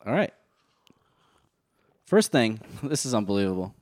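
A man's voice: on the low side, sing-song, unhurried, darkish tone, dry recording. A man co-hosting a comedy podcast, bantering in a playful, mock-outraged way. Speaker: podcast co-host. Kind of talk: casual comedy podcast chat.

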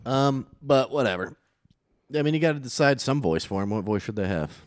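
A man's voice: mid-range voice, expressive, brisk, no echo. Man, casual co-host, crude jokey banter, dry mic. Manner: crude, joking, slips into silly put-on voices. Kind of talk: casual chat.

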